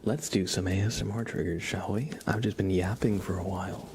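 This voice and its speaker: A man hosting a live ASMR stream, talking in a soft half-whisper and cooing fondly to his pet. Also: sits low, steady tone, brisk, a little hiss or hum. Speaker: ASMR livestream host.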